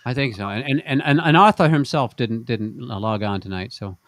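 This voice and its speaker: A man's voice: mid-range voice, moderate pace, fairly bright tone. A man hosting a casual online show, rambling and joking, often repeating words as he goes, over a video call. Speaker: host and singer.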